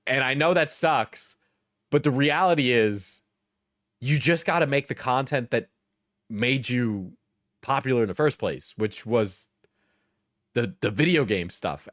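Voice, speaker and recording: A man's voice: medium pitch, a bit bright, dry recording. Rambling streamer man, dry sound. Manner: rambling, halting, laughs often. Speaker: streamer host. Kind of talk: live reaction commentary.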